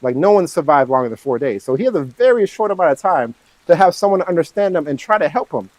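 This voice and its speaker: A man's voice: fairly high pitch, quick pace, dry recording, low-quality recording. A man talking casually on his own about a horror film, rambling and often checking in with "right?". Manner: animated, swings between eager and hushed. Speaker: channel host.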